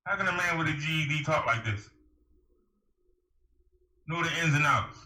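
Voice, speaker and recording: A man's voice: a little high, normal speed, pushed and bright. A man delivering a preachy, emphatic monologue to camera, firing rhetorical questions at the listener. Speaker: vlogger giving advice. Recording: echoey room.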